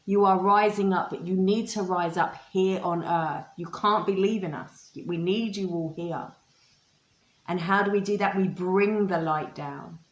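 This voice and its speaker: Brief: woman, livestream card reader, gushing and spiritual, lowish voice, echoey room. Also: unhurried, muffled recording. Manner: gushing, spiritual, talks to viewers by name. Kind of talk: live card unboxing and reading.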